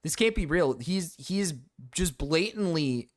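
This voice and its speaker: A man streaming, reacting to clips with loud, incredulous outbursts and laughter. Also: a little high, expressive, a little slow, dry recording, studio quality. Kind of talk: casual reaction commentary.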